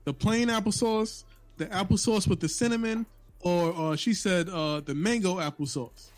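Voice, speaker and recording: This New York-accented man co-hosts a casual podcast, telling stories loosely with plenty of restarts, cursing, and laughter. His voice sits high, his pace is moderate, and faint music plays in the background.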